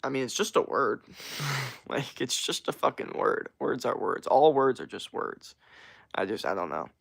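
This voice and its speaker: A man's voice: medium pitch, big pitch swings, moderate pace, creaky, fairly bright tone. A young man chatting casually on a livestream, rambling with lots of fillers and slang as he answers chat comments. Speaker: streamer.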